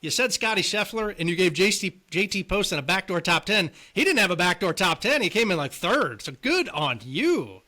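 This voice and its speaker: A man's voice: high voice, very animated, moderate pace, few pauses, pushed and bright. A man co-hosting a casual podcast who leads the conversation with questions about movies and sports. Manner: quizzing, leading the questions. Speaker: podcast co-host.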